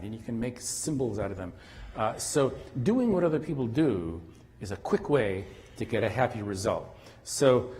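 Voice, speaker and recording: A man with a fairly low voice lectures at a conference. He wanders a bit, restarts his sentences and now and then imitates sounds. The hall gives his voice a long reverb. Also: a little mellow. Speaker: conference speaker. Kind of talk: academic lecture.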